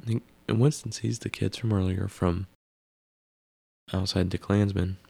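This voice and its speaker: A man recaps a TV episode in a loose, rambling way, dropping wry asides and musing out loud. His voice sits very low and carries a gravelly fry. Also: steady tone, measured pace. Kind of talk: casual spoken episode recap.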